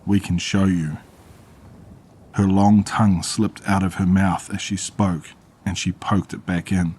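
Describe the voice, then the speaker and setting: A man narrating a horror story in a calm, measured way. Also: deep voice, slightly rough.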